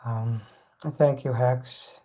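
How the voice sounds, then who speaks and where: A man's voice: medium pitch, fairly even intonation, extremely slow, darkish tone. Rambling, swearing man livestreaming. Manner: rambling and profane, talks straight to chat. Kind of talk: casual livestream chat with viewers. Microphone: phone.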